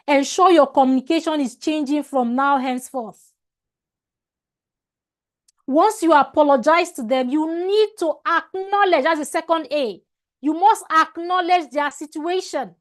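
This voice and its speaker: High-voiced woman trainer, emphatic online lecturer, repeats herself, checks in with the class. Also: a little slow. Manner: emphatic, repeats words, restarts phrases, asks "All right?". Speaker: customer service trainer.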